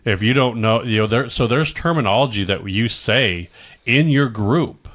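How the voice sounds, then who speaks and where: A man's voice: medium pitch, normal speed, fairly bright tone. A man from the Midwest co-hosting a podcast, chatting casually and rambling with many restarts. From American Midwest. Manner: rambling, restarts often, slips into goofy put-on voices. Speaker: podcast co-host. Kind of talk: casual chat.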